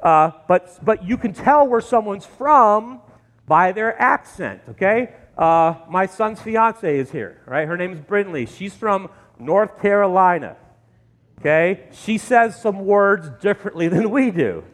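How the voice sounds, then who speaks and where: A middle-aged man preaching a sermon in a church, telling the story with lively, acted-out quotes. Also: high voice, a little slow, in a large hall. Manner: animated storytelling, acting out quoted voices. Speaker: pastor. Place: church sanctuary.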